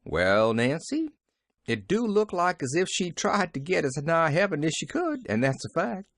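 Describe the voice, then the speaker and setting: A man doing a slow folksy old gardener. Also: on the high side, big pitch swings, a bit bright, pitched above the performer's own voice. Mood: bemused. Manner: drawling, rustic speech.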